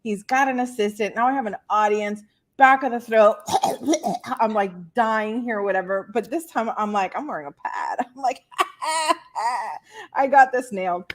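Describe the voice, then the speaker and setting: A woman in her forties with a somewhat high voice, telling a story in casual podcast chat. She is animated, acts out the other people in her story, and breaks into laughter. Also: moderate pace. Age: 40s. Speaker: guest, women's empowerment coach.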